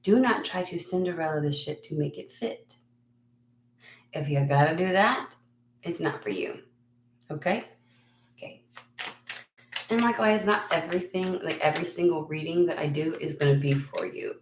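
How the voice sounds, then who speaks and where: A lower-voiced woman talks her way through a casual tarot reading in a frank, chatty manner, swearing freely and laughing at herself. Her voice bounces around a roomy space, with a faint hiss behind it. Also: moderate pace, long pauses. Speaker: tarot reader and channel host. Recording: echoey room with faint noise.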